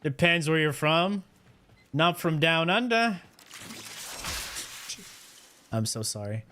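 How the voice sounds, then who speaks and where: A man's voice: fairly high pitch, very animated, a little slow, sharp tone, a little hiss or hum. A man streaming a game, chatting casually with his viewers in a rambling, self-mocking way. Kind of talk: casual game livestream chat.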